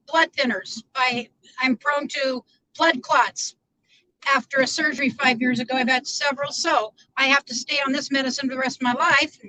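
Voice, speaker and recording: A woman's voice: high-pitched, bright, forceful tone, rough recording. A woman rambling in casual live-stream chat from inside her car, greeting viewers by name.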